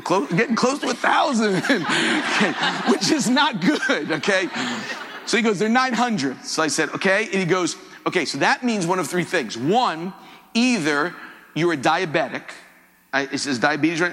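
A middle-aged man preaching a sermon, telling funny stories and acting out both sides of a conversation. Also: on the high side. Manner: animated, jokey, acts out dialogue. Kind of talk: sermon with humorous storytelling. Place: large hall with audience. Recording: live hall with long reverb.

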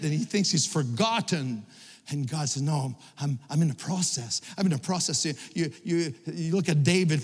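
A middle-aged man preaching a sermon, often repeating words and restarting, building to loud emphatic peaks. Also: fairly high pitch. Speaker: pastor. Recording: long hall reverb.

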